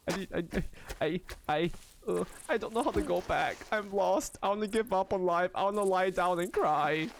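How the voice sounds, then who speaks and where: A young man livestreaming in a casual, rambling chat, excitable, often laughing and squealing, with lots of restarts. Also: sits high, creaky, slight background noise. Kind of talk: casual live-stream chat.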